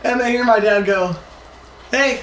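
A man's voice: high-pitched, normal speed. A man hosting a podcast, telling a story in casual chat and laughing often as he talks. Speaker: podcast host. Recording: roomy echo, faint noise.

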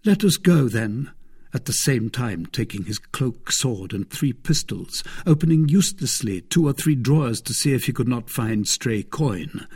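A man reading a classic adventure novel aloud as scripted narration, in an expressive storytelling manner. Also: medium pitch, normal speed, hardly any pauses, slightly rough. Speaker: audiobook reader.

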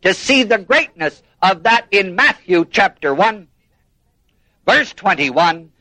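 A man's voice: high-pitched, sing-song, takes it slowly, sharp tone, no room sound, poor audio. A man preaching a sermon, emphatic, repeating and stressing key words and prompting his listeners to finish his sentences. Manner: emphatic, prompts the congregation with "what?".

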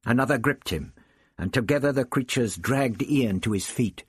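A man reading a story aloud with expressive, dramatic narration. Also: mid-range voice, normal speed, husky, dry recording, clean studio sound. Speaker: audiobook reader. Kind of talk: scripted narration.

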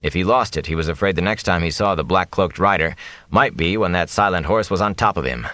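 A man reading a fantasy novel aloud in a measured, suspenseful way. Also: sits low, sharp tone, no room sound. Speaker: audiobook narrator. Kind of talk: scripted fantasy narration.

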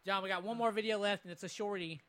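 Young guy hosting a video reaction show, cussing and cracking jokes, pretty high voice. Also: fairly even intonation, quick pace, a bit bright. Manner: joking, profane, laughs often. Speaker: podcast host reacting to videos. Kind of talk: casual chat.

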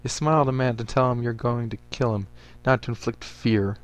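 A man reading a story aloud for a podcast in a steady, even manner. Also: mid-range voice, brisk.

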